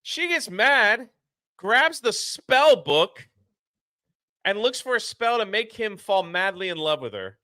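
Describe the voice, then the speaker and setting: A man co-hosting a casual movie review, retelling the plot in an animated way and acting out the characters' lines. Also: sits high, takes it slowly, no echo, studio quality. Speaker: podcast co-host.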